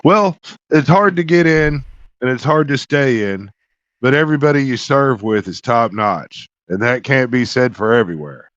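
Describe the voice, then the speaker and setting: A man's voice: mid-range voice, lively intonation, moderate pace, fairly bright tone, dry recording. A man playing in a tabletop game, talking in a folksy, plain-spoken way. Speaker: player. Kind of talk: casual chat in character. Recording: dull, dry lo-fi mic.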